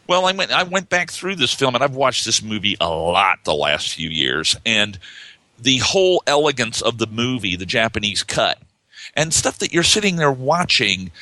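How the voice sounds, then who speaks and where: A middle-aged man chatting casually about films, acting out movie lines in an animated way. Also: medium pitch, fairly quick, no room sound. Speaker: podcast co-host. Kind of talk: casual film discussion.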